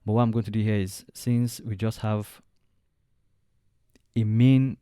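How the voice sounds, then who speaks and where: A man walking through a design software tutorial step by step, thinking aloud as he clicks along. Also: fairly low pitch, fairly even intonation, measured pace, smooth, no room sound, studio quality. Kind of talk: screen-recorded software tutorial.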